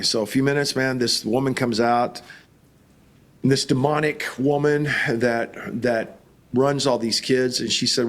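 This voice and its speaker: With an unhurried, mid-range voice, a middle-aged man who is a pastor recounts stories during an interview. He stays animated throughout and gives the quoted voices their own performances.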